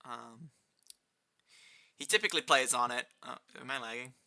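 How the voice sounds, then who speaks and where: A young man chatting casually on a live gaming stream, rambling and answering chat, with a fairly high-pitched voice and keyboard clicks near his desk mic. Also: moderate pace, vocal fry. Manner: rambling, answers chat, rising excited outbursts.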